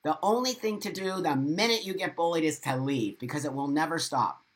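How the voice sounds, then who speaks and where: A man's voice: on the high side, fairly quick. A middle-aged man hosting a live stream, reading viewer comments aloud and giving blunt, motivational advice with lots of repetition and the odd swear word. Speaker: livestream host.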